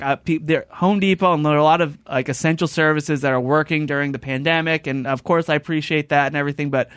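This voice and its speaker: Fast-talking animated man, dry studio mic. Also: on the high side, clear, resonant tone, no echo. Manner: animated storyteller, acts out quotes. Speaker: podcast host. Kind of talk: casual chat. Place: podcast studio.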